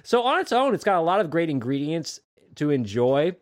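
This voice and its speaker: Podcast dude, kinda high voice, curious, trips over his words a lot. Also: sing-song, moderate pace. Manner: curious, asks questions, repeats words as he restarts. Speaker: podcast co-host. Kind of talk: casual chat about comics.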